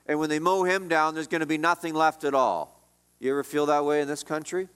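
A man preaching from the pulpit, his voice pitched a little high for a man. He drives points home through repetition and sinks quiet on the heavy lines. The sound carries a long reverberant tail from the hall. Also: steady tone, fairly quick, clear, resonant tone. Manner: emphatic preaching with repetition and dropping volume on key lines. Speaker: pastor. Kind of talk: sermon.

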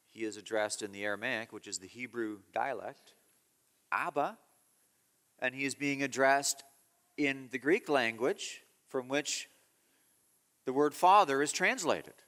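A male pastor preaching a sermon, explaining calmly and then pressing points with loud emphasis. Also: a little slow, long pauses, in a large hall. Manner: teaching tone, swings from low explaining to loud emphatic scolding.

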